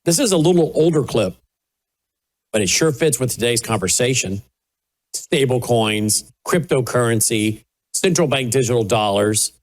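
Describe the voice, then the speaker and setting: A man's voice: mid-range voice, expressive, moderate pace. Indignant male commentary host. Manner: indignant, emphatic, sarcastic. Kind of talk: political commentary over clips.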